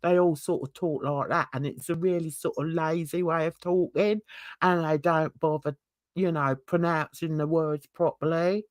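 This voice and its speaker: A woman's voice: deep voice, fairly even intonation, normal speed, dry recording. Chatty older woman hosting. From London. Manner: opinionated, chatty, rambling. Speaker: host. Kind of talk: casual chat.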